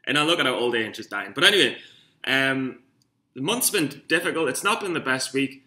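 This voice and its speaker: Filming a casual vlog in his echoey room, a young man from Newcastle, England, speaks with a Geordie accent at a slightly fast clip. His medium-pitched voice is expressive and sharp as he rambles, swears, and pokes fun at himself.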